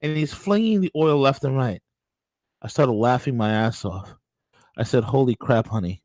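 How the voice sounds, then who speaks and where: A man co-hosting a political talk show, telling stories in a mocking, crude, animated way. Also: medium pitch, normal speed, no room sound, rough recording. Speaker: co-host.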